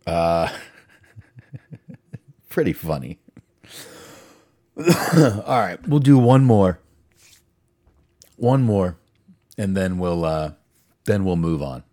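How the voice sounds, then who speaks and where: Deep voice guy, slow and rambly, introducing clips, bouncy intonation. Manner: relaxed, rambling and unhurried. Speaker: host playing old radio clips. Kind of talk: casual chat.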